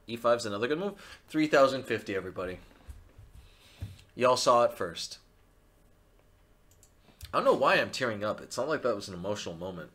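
A male chess streamer thinking aloud through his live game, excitable and self-mocking. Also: lowish voice, noisy background.

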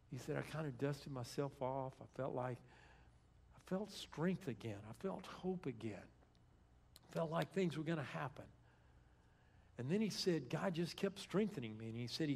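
A man preaching in a church with a gravelly, slightly high voice. He talks casually and retells scripture as if chatting with the crowd. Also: a little mellow. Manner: conversational preaching, acts out scripture in everyday speech. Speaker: guest speaker. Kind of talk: sermon.

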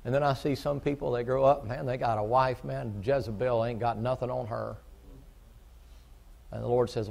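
Folksy preacher with a gravelly voice. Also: male voice, medium pitch, steady tone, moderate pace. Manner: folksy, swings from quiet storytelling to loud preaching. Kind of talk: sermon.

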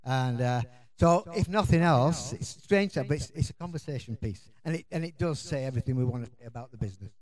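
A man's voice: medium pitch, lively intonation, brisk, hardly any pauses, a little mellow. Man, yorkshire accent, middle-aged, conference speaker, rambling, casual delivery. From Yorkshire, England. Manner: chatty, rambling with many restarts and fillers. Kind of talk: informal conference talk.

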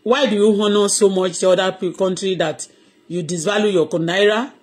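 A woman's voice: medium pitch, fairly even intonation, fairly quick, a little mellow, husky. A middle-aged Nigerian woman, Yoruba her first language, hosting a live audio blog in a heated, rambling rant that switches between Yoruba and English. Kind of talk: impassioned live audio commentary.

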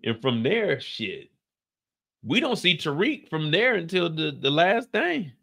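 A man's voice: fairly high pitch, measured pace, gravelly. A young man hosting a casual reaction show, recapping an episode and acting out scenes in voices. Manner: animated, acts out scenes in voices.

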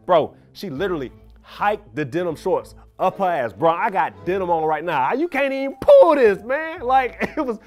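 A man telling a story about his time as a fast-food worker, in animated, slangy, energetic speech. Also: high-pitched, soft background music. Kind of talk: storytelling to camera.

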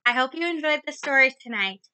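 A woman with a high, bright voice reads a bedtime story in a gentle storytelling manner. She speaks straight to her viewers as the show's storyteller. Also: expressive, brisk, rough recording. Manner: gentle storytelling with soft sighs.

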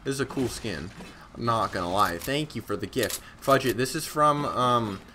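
A young man streaming a game live, chattering in quick gamer slang and yelping at every close call. His voice sits at an ordinary middle pitch, and a faint hiss runs underneath. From Scotland. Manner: excitable, slangy gamer chatter with sudden outbursts. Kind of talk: live gameplay commentary.

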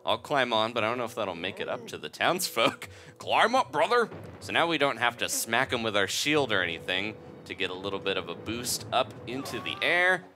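A man giving casual, jokey commentary over a game playthrough as the video's host, chatty and quick to laugh. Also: fairly low pitch, animated, bright, forceful tone, soft background music.

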